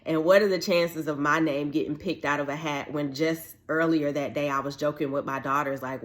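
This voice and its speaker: A woman's voice: sits low, fairly even intonation, moderate pace, few pauses. A woman telling a personal faith testimony in a casual, chatty way, earnest and heartfelt, acting out the dialogue she quotes. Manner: chatty, filler-heavy, acts out quoted dialogue. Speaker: widowed mother sharing a faith testimony.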